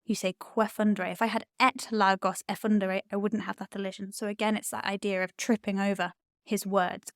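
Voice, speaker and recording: A woman's voice: mid-range voice, no room sound. Woman tutor talking thru latin poetry, keen and chatty, dry close sound. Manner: enthusiastic, chatty explaining with filler ums.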